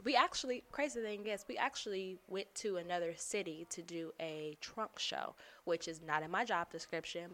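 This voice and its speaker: Candid, animated American woman storyteller. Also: fairly low pitch. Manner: candid, animated, swears freely. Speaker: production manager. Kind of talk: casual storytelling.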